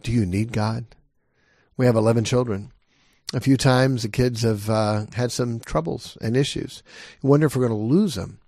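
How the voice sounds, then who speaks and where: A man's voice: medium pitch, moderate pace, a little mellow, dry recording, clean studio sound. A middle-aged man preaching a sermon as a pastor, earnest and emphatic, pressing his listeners with repeated questions.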